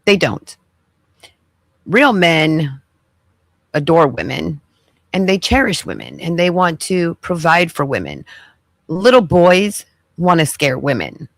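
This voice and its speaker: A woman's voice: deep voice, sing-song, slow, pauses often, no echo, studio quality. A woman podcast host giving sassy, preachy commentary as she reacts to clips. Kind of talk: casual commentary.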